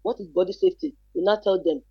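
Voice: mid-range voice, fast talker, slightly rough, no room sound. A guest talks emphatically about protecting children, hammering points home with rhetorical questions. The audio is dry and a little dull. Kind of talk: earnest advice on a talk show.

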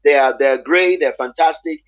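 A man's voice: on the high side, normal speed, no room sound, lo-fi sound. A man in conversational discussion, earnest and emphatic, repeating phrases for emphasis.

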